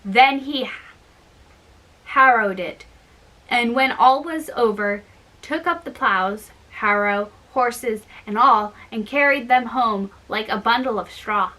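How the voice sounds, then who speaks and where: Brief: woman storyteller, slow careful read, bright tone, higher pitch. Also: rough recording. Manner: slow, careful reading with small slips. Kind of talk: fairy tale read aloud.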